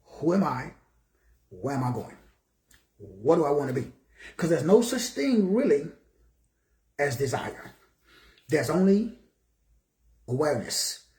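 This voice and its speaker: A man's voice: on the high side, big pitch swings, measured pace, long pauses, darkish tone, echoey room. Preachy older man from Texas. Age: 60s. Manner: preachy, rhetorical questions, greets viewers by name. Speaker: motivational speaker. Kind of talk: motivational livestream talk. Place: his office.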